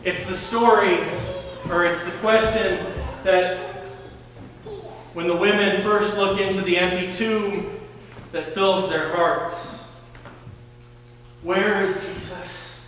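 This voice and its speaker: A man preaching a sermon as pastor, slowly retelling a scripture story and often repeating words. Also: high voice, fairly even intonation, fairly bright tone, slight background noise. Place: church sanctuary. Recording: echoey church hall from a distance.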